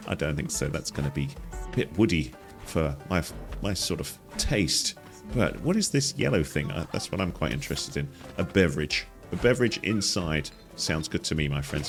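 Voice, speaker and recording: A man hosting a playful, animated game walkthrough, often calling viewers his friends. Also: rumbling low. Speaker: gaming guide host.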